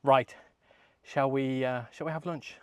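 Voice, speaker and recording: A man presenting a recipe outdoors at a motorhome, relaxed and savoring, talking the viewer through each step of a cooking demonstration. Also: mid-range voice, a little slow, clear, resonant tone, no room sound. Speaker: camper cook presenting a recipe.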